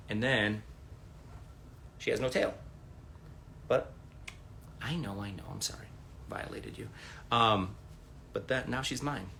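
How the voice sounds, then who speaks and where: A gravelly, fairly low male voice comes through with a bit of background noise. He's a forties-aged host chatting to viewers on a phone livestream at home, spinning animated, profanity-laced stories in a loose, meandering monologue.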